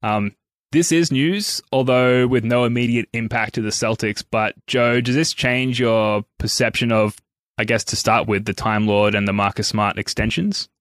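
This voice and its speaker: A man's voice: mid-range voice, fairly even intonation, normal speed, a bit bright, no echo, clean studio sound. A man hosting a podcast in casual chat, steering the conversation and reading out news posts. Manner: leads the talk, reads out news posts. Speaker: podcast host.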